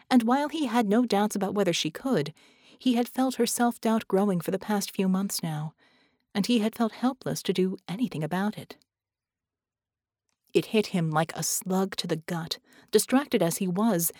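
A woman narrating an audiobook in a measured, steady reading voice. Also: medium pitch, no echo, studio quality. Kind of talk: scripted narration.

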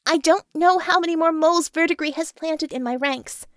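A woman's voice: very high voice, normal speed, dry recording, clean studio sound, voice pushed up. Woman reading a firm caring female leader. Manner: firm and persuasive.

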